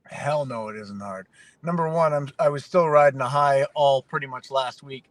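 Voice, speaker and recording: A Canadian man, a fighter guest on a podcast, telling animated, emotional stories in casual conversation. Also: mid-range voice, normal speed, no room sound, poor audio. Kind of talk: casual interview.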